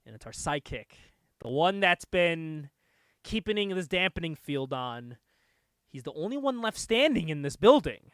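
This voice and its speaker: A young man hosting a podcast, casually recapping a comic book, animated and laughing often. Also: a little high, moderate pace, smooth, no room sound, clean studio sound. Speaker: podcast host.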